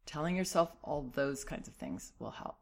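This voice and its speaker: A middle-aged woman hosting a parenting advice show, talking a listener through her letter in a calm, reassuring, encouraging way with light laughs. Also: extremely low pitch, normal speed, vocal fry, husky.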